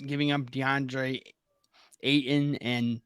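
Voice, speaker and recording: A man guesting on a sports podcast, talking quickly and stumbling over his words. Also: mid-range voice, little pitch movement, fairly bright tone, clear, resonant tone, no room sound, clean studio sound. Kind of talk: casual sports talk.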